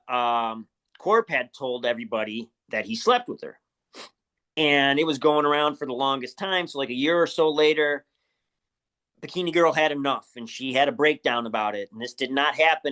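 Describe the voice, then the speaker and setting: A man's voice: medium pitch, moderate pace, sharp tone. A man in his forties from the Chicago area, telling profane, laugh-filled stories as a guest in a casual interview. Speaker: wrestler guest.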